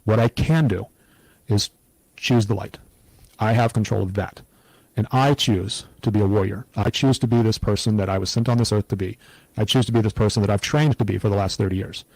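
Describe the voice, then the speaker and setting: A middle-aged man speaks in an earnest, reflective way, recounting hard times as an interview guest. His voice is dark and mellow, recorded close and dry with no room sound. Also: lowish voice, fairly quick, no room sound, low-quality recording. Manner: earnest, reflective, steady storytelling. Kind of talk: personal testimony in an interview.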